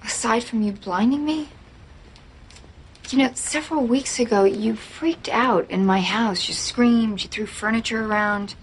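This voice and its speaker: A woman's voice: fairly high pitch, a little slow, a little hiss or hum, low-quality recording. Blunt, wary mother. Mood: dismissive. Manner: blunt, dismissive. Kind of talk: TV drama acting.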